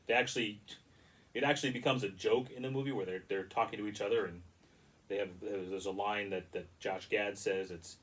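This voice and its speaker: A man's voice: fairly low pitch, a little fast, fairly bright tone, distant mic, low-quality recording. A man giving a casual, rambling and critical movie review with frequent restarts.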